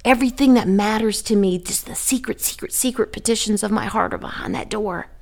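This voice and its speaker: A woman's voice: medium pitch, fairly quick. A woman sharing her faith testimony in a vivid, dramatic way, repeating herself and building with rhetorical questions.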